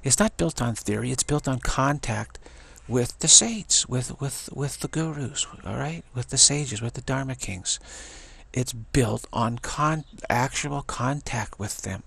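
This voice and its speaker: Gravelly-voiced man in his sixties. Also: mid-range voice, a bit bright. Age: 60s. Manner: halting, repeats words and restarts often. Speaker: spiritual teacher. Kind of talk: rambling spiritual talk.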